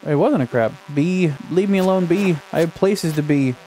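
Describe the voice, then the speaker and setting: Excitable young man narrating his gameplay. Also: fairly high pitch, moderate pace, soft background music. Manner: excitable, talks to himself and the game, yelps at surprises. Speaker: gaming YouTuber. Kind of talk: casual let's-play commentary.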